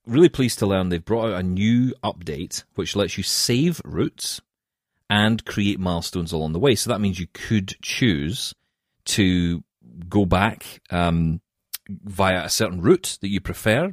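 A man with a Scottish accent, chatting on a podcast in a self-mocking, animated way. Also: low voice, no room sound, clean studio sound. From Scotland. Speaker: podcast co-host. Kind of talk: casual chat.

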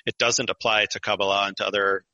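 A man's voice: lowish voice, little pitch movement, fast talker, sharp tone, no room sound, lo-fi sound. A man, a guest author in a conversational podcast interview, explaining ideas at length, digressive and full of fillers.

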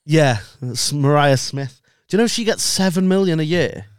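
A man's voice: on the high side, normal speed, clear, resonant tone, no room sound, studio quality. A man hosting a casual podcast, bantering in a laid-back, slangy way. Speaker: podcast host.

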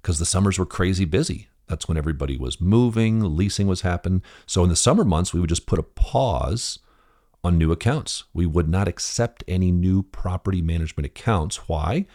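Fifty-year-old man with a deep voice. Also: fairly quick. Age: 50s. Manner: storytelling, acts out quoted dialogue with animated pitch jumps; frequent restarts and fillers, addresses the listener directly. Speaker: podcast host. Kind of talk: conversational business talk.

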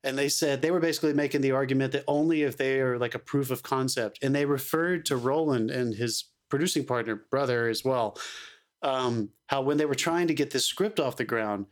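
Guy gushing about movies on a podcast, mid pitch, rambles and swears a lot. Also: fairly quick. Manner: enthusiastic, profane, rambling. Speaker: podcast co-host. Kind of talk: casual movie debate.

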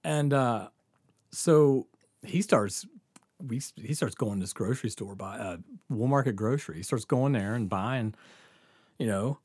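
A man's voice: medium pitch, a little slow, slightly rough, no room sound, studio quality. A man casually telling a profane story, laughing and acting out the voices of the people in it. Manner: animated, laughing, acts out others' lines.

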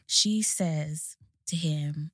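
A woman's voice: low-pitched, very slow, fairly bright tone, no echo, studio quality. Chatty young woman. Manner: chatty, retells scenes in quoted voices. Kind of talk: casual chat reviewing a reality show.

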